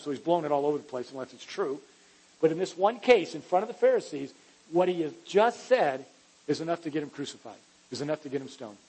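A male pastor preaching with earnest emphasis, sometimes stumbling and restarting his phrases. His voice sits a bit high and sounds husky and slightly breathy. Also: darkish tone, low-quality recording. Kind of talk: sermon.

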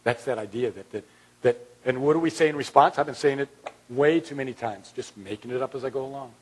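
Husky-voiced man preaching a sermon. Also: medium pitch, quick pace, rough recording. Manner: earnest, swings from loud to hushed; repeats words when restarting. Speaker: pastor.

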